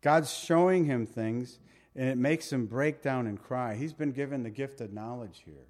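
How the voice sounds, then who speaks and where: A man preaching a verse-by-verse Bible sermon, retelling the story with animated, conversational storytelling and slowing down to read scripture aloud. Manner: animated storytelling, reads scripture slowly, drops low for emphasis. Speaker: pastor.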